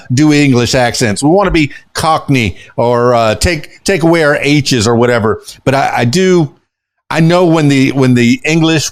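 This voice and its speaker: Excitable American man in his fifties. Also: medium pitch. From United States. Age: 50s. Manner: excitable, halting with many restarts and fillers. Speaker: podcast host. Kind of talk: enthusiastic interview chat.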